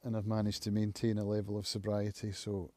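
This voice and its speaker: A man hosting his own live stream from home, thinking aloud in a reflective, musing way with frequent pauses. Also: lowish voice, completely flat delivery, dark tone, dry recording. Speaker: channel host, recovering alcoholic. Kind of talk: casual live-stream monologue.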